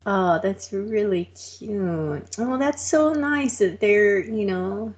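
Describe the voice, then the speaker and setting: A woman's voice: mid-range voice, lively intonation, takes it slowly, a little mellow. A woman co-hosting a podcast in casual chat, easily flustered and giggly. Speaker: podcast co-host.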